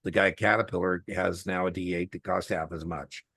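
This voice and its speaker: A middle-aged man with a low, gravelly, slightly husky voice tutors a student one-on-one over a video call. He talks in a chatty, folksy way, full of anecdotes and fillers. The sound is dry and close. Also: fairly even intonation, fairly quick, fairly bright tone, dry recording. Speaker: exam tutor.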